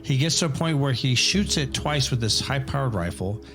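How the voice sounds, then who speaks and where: Middle-aged dad, profane, rambling storyteller, mid-pitched, faint music underneath. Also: male voice, expressive, normal speed. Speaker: podcast guest, father. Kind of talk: casual storytelling.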